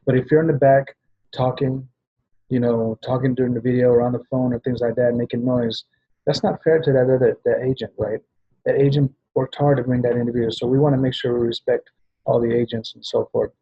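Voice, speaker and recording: Husky man coaching sales agents. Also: mid-range voice, fairly even intonation, a little fast, dull audio. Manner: rambling, restarts often, keeps asking "right?". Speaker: business trainer at a travel party. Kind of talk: training talk to sales agents.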